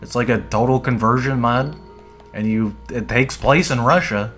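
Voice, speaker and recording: A man's voice: medium pitch, normal speed, a bit bright, faint music behind. A man casually chatting while he plays a game, rambling and laid-back and swearing often. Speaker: streamer playing a dungeon game. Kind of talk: casual gameplay commentary.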